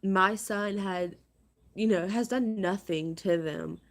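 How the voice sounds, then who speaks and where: A woman vlogging to her viewers, upset and agitated, talking in a halting, exasperated way and repeating herself. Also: mid-range voice. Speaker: crafting vlogger. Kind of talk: casual vlog rant to viewers.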